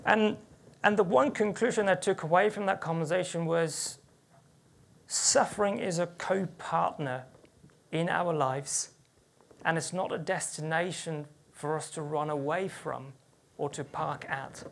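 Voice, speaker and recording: A preacher speaks in church, telling an earnest personal story as part of a sermon. The voice carries a gravelly, creaky edge at a middling pitch. Sentences often stop and restart as the thoughts come. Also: measured pace.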